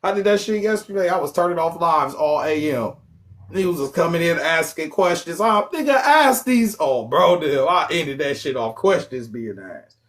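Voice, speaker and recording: Male livestream host, somewhat high voice, lively, profane and joking. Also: moderate pace. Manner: animated, profane, joking, bursts into yelling. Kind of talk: casual livestream chat.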